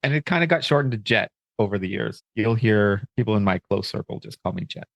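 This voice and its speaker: A man's voice: fairly low pitch, lively intonation, fairly quick, gravelly, a bit bright, dry recording, dull audio. Laid-back guy hosting a podcast, dry close mic. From Canada. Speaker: podcast host. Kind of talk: casual interview chat.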